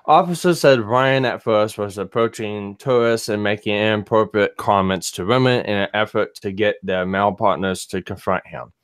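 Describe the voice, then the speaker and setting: A man reading a news story aloud in a casual chat show, steady with dry asides. His voice sits low and smooth. The recording is dry and close. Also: moderate pace, few pauses, no echo.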